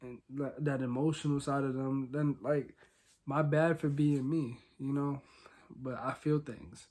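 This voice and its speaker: A young man hosting a solo podcast, talking casually and candidly, rambling with many fillers and swinging between quiet and loud. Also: medium pitch, steady tone, unhurried. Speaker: podcast host.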